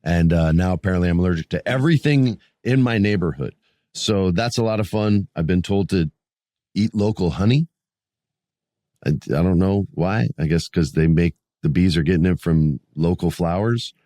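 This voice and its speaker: A man's voice: low voice, moderate pace, mellow, dry recording, clean studio sound. A man in his late forties hosting a wrestling podcast solo, rambling casually with jokes and plenty of swearing. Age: 40s. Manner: rambling, joking, swears freely. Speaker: podcast host.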